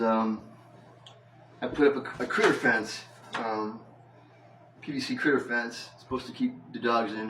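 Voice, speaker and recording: A man's voice: mid-range voice, fairly bright tone, echoey room, distant mic, slight background noise, rough recording. A man vlogging in a loose, rambling monologue, full of fillers and laughs. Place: house with the door open.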